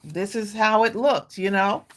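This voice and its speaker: A woman's voice: medium pitch, unhurried, slight background noise. Female host, chatty and easygoing, talking to viewers while she crafts. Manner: chatty, laughs often, talks to viewers as y'all. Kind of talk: casual livestream chat while crafting.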